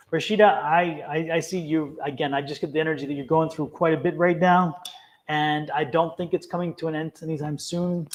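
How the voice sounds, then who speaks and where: A man's voice: fairly high pitch, fairly even intonation, normal speed. A man co-hosting a live tarot stream, giving a reading in an earnest, encouraging way and repeating his advice. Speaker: tarot reader co-host.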